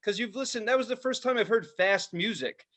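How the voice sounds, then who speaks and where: A man's voice: high voice, brisk. A man in his forties, co-hosting a casual podcast chat, telling stories with lots of swearing and acted-out quotes. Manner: animated storyteller, swears freely, acts out quotes. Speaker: podcast co-host.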